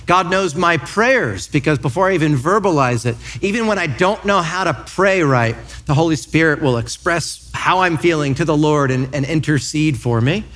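A man in his thirties, a pastor preaching a sermon in church, telling lively stories and acting out quotes. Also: on the high side. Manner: lively storytelling with acted-out quotes.

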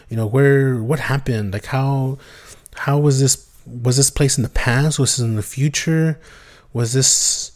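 A man's voice: mid-range voice, a little mellow. A man hosting a podcast, telling a spooky story in a loose, rambling way with many fillers and restarts. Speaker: podcast host. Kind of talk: casual storytelling.

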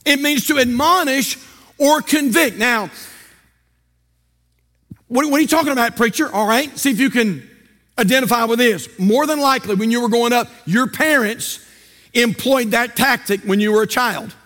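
A man's voice: very high-pitched, moderate pace, pauses often, a bit bright, big-room sound. An older man preaching a sermon as pastor, folksy and storytelling, with rhetorical questions. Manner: folksy, asks rhetorical questions and tells stories.

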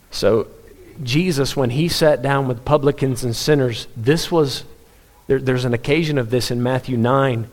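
A man preaching at a medium pitch. He speaks earnestly and emphatically, leaning on rhetorical questions and repeated phrases to drive his point home. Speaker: pastor. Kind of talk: sermon.

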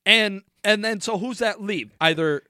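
Man, New Jersey accent, podcast co-host, animated and foul-mouthed, dry close sound. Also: sits high, normal speed, dry recording. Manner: animated, profane storytelling. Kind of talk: casual chat.

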